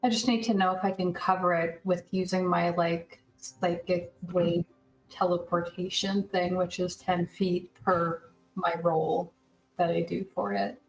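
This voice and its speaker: A woman's voice: fairly low pitch, steady tone, measured pace, faint music behind, rough recording. A woman playing a tabletop game, asking direct, practical questions. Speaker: player. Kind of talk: casual tabletop play.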